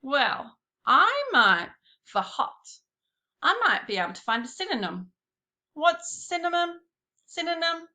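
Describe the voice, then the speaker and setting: A woman giving a slow, patient classroom lesson, talking straight to her pupils. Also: fairly high pitch, sing-song, pushed and bright. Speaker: primary school teacher.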